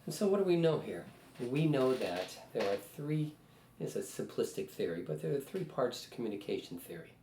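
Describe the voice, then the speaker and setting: A man's voice: medium pitch, big pitch swings, fairly quick, warm tone. Man in his sixties lecturing a class. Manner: conversational, storytelling, asks class questions. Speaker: psychology lecturer. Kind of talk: classroom lecture with personal stories. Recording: echoey room with faint noise.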